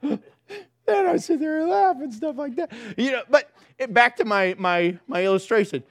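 Pastor, male, middle-aged: high gravelly voice, self-mocking humor in the sermon. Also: moderate pace. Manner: joking, self-mocking storytelling.

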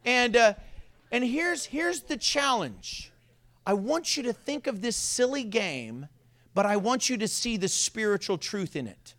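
A man preaching a sermon as pastor in a church, playful and energetic, joking with the congregation. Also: very high voice, measured pace. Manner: playful, self-mocking, energetic.

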